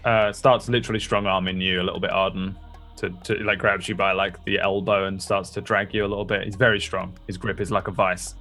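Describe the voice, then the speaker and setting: A man narrating a tabletop role-playing game as game master, talking in a loose, relaxed way. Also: deep voice, fairly quick, soft background music.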